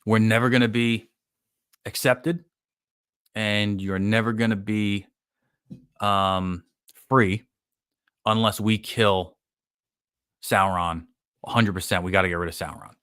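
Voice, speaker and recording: A man's voice: on the low side, fairly even intonation, takes it slowly, long pauses, fairly bright tone, smooth, no room sound, clean studio sound. A man voicing a stern male orc warlord who rallies his followers in an urgent, commanding tone. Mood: urging.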